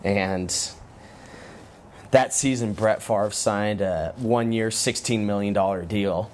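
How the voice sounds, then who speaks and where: A man, a former pro football player, telling relaxed, rambling stories as an interview guest, with frequent restarts. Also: on the low side, slow pace, slight background noise. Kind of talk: casual interview storytelling.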